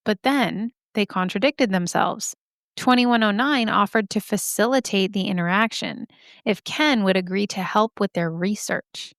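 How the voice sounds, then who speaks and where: A woman's voice: mid-range voice, measured pace, dry recording, studio quality. A woman hosting a podcast, telling a story casually with joking asides and lots of "like". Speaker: podcast host.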